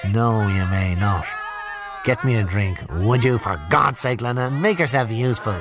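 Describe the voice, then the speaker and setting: A man's voice: fairly low pitch, normal speed, natural voice. An actor playing a commanding older male party boss with an Irish accent, curt and bossy, in a radio satire. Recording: crowd chatter behind. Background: crowd.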